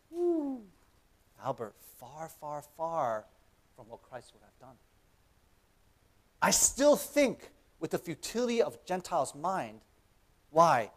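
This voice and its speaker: A young man giving a casual, conversational church sermon, acting out imagined dialogue and often asking "right?". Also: on the high side. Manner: animated, acts out imagined dialogue, frequent "right?". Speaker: preacher. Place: church sanctuary.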